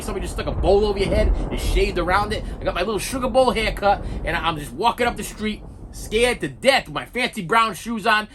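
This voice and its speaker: A middle-aged man telling a childhood story as an animated rant, repeating himself and acting out the scenes. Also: high-pitched, noisy background. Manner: animated, repetitive, acts out scenes. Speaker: vlogger.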